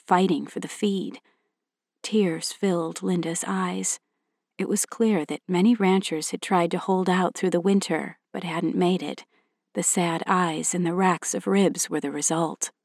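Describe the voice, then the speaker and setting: Woman reading a storybook, low voice. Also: a little mellow, dry recording, clean studio sound. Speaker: narrator. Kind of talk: storybook narration.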